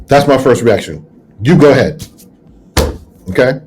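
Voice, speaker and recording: A middle-aged man co-hosting a reaction talk, casual and halting, often restarting and repeating words. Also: medium pitch, lively intonation, darkish tone, a little hiss or hum. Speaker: co-host. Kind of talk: reaction commentary.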